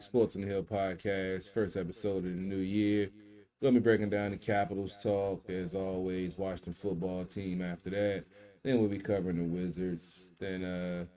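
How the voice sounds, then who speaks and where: A deep-voiced man co-hosting a podcast. He talks easily and jokes around, with no hurry. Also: mellow. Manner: laid-back, joking. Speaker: co-host. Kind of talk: casual podcast chat.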